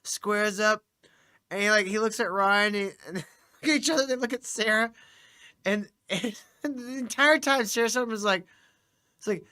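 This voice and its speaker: A woman's voice: mid-range voice, moderate pace, sharp tone, smooth. A woman co-hosting a podcast, chatting casually and telling profane stories while laughing often. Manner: laughs often, acts out voices in anecdotes. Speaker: podcast co-host. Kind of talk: casual crude chat and storytelling.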